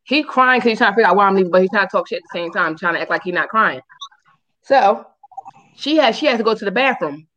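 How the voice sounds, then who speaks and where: Fast-talking woman telling a story. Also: slight background noise, poor audio. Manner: animated, profane, acts out quotes in high squeals. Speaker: podcast co-host. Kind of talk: casual storytelling chat.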